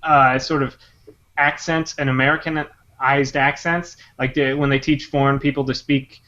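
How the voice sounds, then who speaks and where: A man with a bright, sharp voice talks on a podcast in a blunt, matter-of-fact way. He flatly shoots down what the others say. The sound is dull and lo-fi. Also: mid-range voice, moderate pace. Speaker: podcast co-host. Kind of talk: casual chat.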